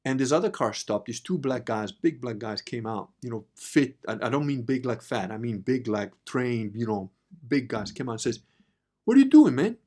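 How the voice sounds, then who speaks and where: A man from Italy hosting a podcast, telling a personal story in a casual, profane, animated way that moves between quiet asides and loud bursts. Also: medium pitch, moderate pace. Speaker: podcast host.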